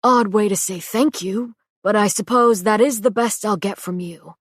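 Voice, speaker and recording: A woman reading the lines of a cocky, teasing young male prince in an audiobook, quiet and smug. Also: mid-range voice, normal speed, slightly rough, no echo, studio quality, lightly acted.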